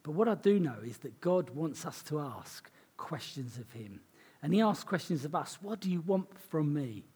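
Hoarse, earnest male preacher. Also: on the high side, expressive, normal speed, warm tone. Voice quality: husky, croaky. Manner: earnest, conversational preaching with asides. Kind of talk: sermon.

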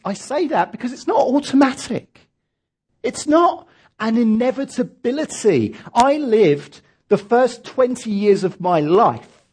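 A man's voice: high voice, darkish tone, slightly rough. A man preaching a sermon as pastor, emphatic and leading his congregation in reading aloud.

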